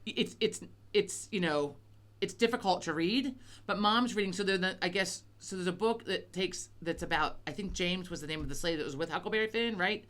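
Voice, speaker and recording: A woman's voice: on the low side, a little fast, fairly bright tone. A middle-aged woman co-hosting a chat podcast, rambling casually and swearing a lot, with many fillers and restarts. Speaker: podcast co-host.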